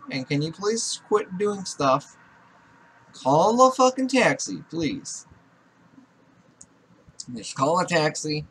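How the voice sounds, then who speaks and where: A young man commenting on a life-sim game in a bright, lively voice that swings up and down as he scolds his characters. He swears constantly and sounds perpetually exasperated with them. His tone stays fairly high for a man. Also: slight background noise. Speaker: gaming YouTuber. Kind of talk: profane Let's Play commentary.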